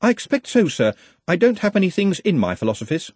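A prim, fussy young wizard assistant, as a male narrator puts him on, pitched high and fretful, with a husky grain, dry and close. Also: big pitch swings, a little fast, darkish tone, no echo.

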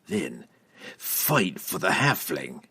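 A man doing a low, slow, growling assassin. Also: big pitch swings, gravelly, pushed and bright, husky, exaggerated voice. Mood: menacing. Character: cold sneering male human assassin.

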